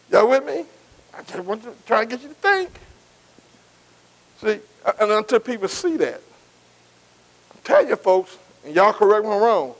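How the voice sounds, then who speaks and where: A man's voice: high voice, poor audio. A man preaching a sermon, emphatic and repetitive, calling on his congregation to answer him. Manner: call-and-response, asking the congregation to answer.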